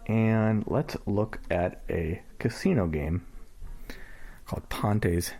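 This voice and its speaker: Low, husky man demonstrating gadgets. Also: takes it slowly, mellow. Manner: loose and conversational, with fillers and self-corrections. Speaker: assistive tech demonstrator. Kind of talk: casual spoken demonstration. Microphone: portable recorder.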